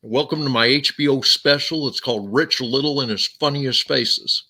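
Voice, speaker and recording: A man's voice: medium pitch, normal speed, bright, forceful tone. A man doing an impression of a famous older male impressionist, in a showy announcer patter.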